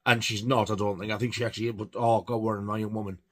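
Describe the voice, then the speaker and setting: A man's voice: on the low side, little pitch movement, quick pace. A man giving a casual, rambling film review, hesitant with many fillers. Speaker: film collector reviewing horror films.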